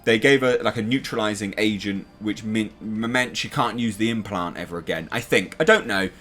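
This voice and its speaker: A man's voice: fairly low pitch, normal speed, fairly bright tone, faint music behind. An English man hosting a TV review channel, talking casually and animatedly, swearing now and then and making sound effects. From England.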